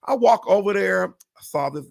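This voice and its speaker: A man hosting a livestream chat, telling a story with excitement, acting out what people said, swearing and laughing often. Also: high voice, normal speed, gravelly. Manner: animated, acts out quotes, swears, laughs often. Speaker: real estate agent and livestream host.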